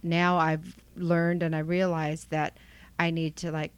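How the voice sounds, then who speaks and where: A middle-aged woman speaking candidly in an interview about her marriage, reflective and halting, with frequent ums. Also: sits low, level tone, clean tone. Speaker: guest, wife.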